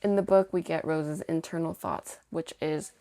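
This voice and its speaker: A woman's voice: low-pitched, fairly even intonation, moderate pace, mellow, dry recording. A young woman hosting a casual book-versus-show recap, chatty and full of fillers, swearing casually. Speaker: recap video host.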